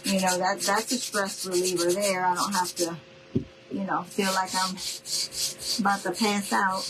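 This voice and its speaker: A woman's voice: medium pitch, little pitch movement, unhurried, a loud crowd, rough recording. A middle-aged woman, chatting casually and folksily to her viewers while she does a craft project at home. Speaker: craft video host. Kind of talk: casual livestream crafting chat.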